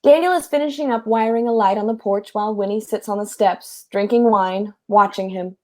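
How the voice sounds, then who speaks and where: A woman reading stage directions aloud in a live play reading, with plain, even delivery. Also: mid-range voice, fairly quick.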